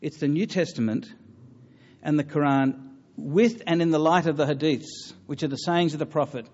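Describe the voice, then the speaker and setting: Earnest, halting man lecturing. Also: on the high side, a little mellow, highs cut off. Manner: earnest, halting, with many fillers and restarts. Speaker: lecturer on religion. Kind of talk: public talk with audience questions.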